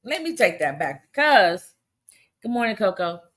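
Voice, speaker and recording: A middle-aged woman giving a blunt, indignant casual commentary, preachy and plain-spoken, her voice jumping up high when exasperated. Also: sing-song, normal speed, a bit bright. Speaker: commentary vlogger.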